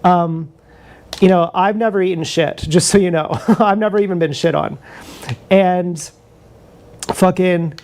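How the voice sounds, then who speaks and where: Brief: live streamer, middle-pitched voice, rambling and profane, confessional storytelling straight into an action camera. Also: unhurried, pauses often, darkish tone, slight background noise. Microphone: action camera mic.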